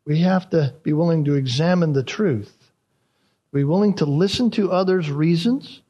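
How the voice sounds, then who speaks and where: A man preaching an expository sermon as pastor. He talks in a deliberate way and repeats key phrases for emphasis. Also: fairly high pitch, warm tone, dull audio.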